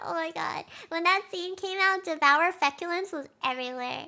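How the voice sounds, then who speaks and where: A woman streamer chatting casually through a TV recap, giggly and excitable, with frequent laughs and fillers. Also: very high voice, moderate pace, few pauses. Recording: live stream with faint music.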